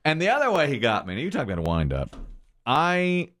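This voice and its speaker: Animated man telling a family story on air. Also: on the high side, a little fast. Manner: animated storytelling, laughing at his own story. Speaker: radio show co-host. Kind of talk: casual morning show chat.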